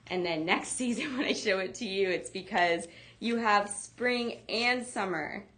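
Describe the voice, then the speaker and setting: A woman's voice: mid-range voice, a little slow, a bit bright. A woman hosting a live home decor shopping show, chatting casually with lots of fillers as she demonstrates products.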